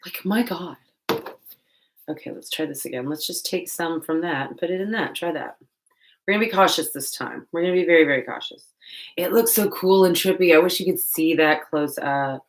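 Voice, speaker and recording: A woman hosting a casual livestream while painting, chatting loosely and joking at herself in quick asides. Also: low-pitched. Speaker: livestream host. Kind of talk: casual live-stream chat while painting.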